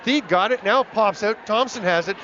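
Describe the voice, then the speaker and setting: A high-voiced man calls lacrosse play-by-play, quick and excitable as the action builds. The broadcast sound is a little muffled, with a faint hiss underneath. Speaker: play-by-play commentator.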